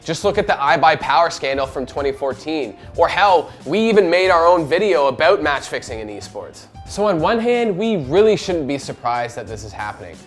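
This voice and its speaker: A man's voice: on the high side, big pitch swings, normal speed, few pauses, soft background music. A man hosting esports news, delivering scripted commentary in a wisecracking, profane way.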